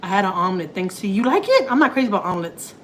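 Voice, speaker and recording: A chatty Texan woman talks loosely to her viewers as she cooks in her kitchen, full of slang and laughing asides. Her voice is mid-pitched and unforced, picked up by a phone camera. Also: sing-song, very fast, fairly bright tone, a little hiss or hum, poor audio. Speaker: family vlogger. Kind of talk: casual live cooking chat. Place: home kitchen.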